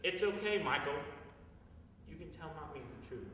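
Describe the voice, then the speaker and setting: A man's voice: a little high, lively intonation, moderate pace, pushed and bright, slight background noise. A man voicing a doting middle-aged mother who speaks in short, broken English phrases. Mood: tender. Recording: echoey live hall from far off.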